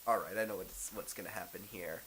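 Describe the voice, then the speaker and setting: A man running a tabletop role-playing game as game master, narrating in a relaxed way. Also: low-pitched, fairly quick, slight background noise, low-quality recording. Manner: relaxed, thinking aloud with fillers.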